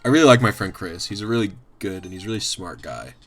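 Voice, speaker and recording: A man's voice: lowish voice, sing-song, fast talker, soft background music. A man streaming, chatting casually and ramblingly, swearing a lot and often laughing. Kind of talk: casual livestream chat.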